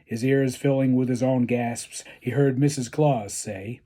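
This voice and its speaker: Husky-voiced man reading a story deadpan. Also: medium pitch, measured pace. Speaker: author reading his own story. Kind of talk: read-aloud storytelling.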